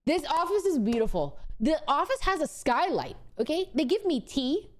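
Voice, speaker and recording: A woman's voice: sits high, very animated, moderate pace, a little mellow. A young woman streamer casually telling a story to her chat, acting out quotes and swearing freely.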